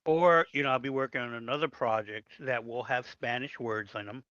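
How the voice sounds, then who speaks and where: Bright-voiced man explaining lettering. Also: medium pitch, fairly even intonation, a little fast, no room sound, highs cut off. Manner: explains at length, acts out editors' requests. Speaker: comic book letterer. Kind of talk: casual podcast chat.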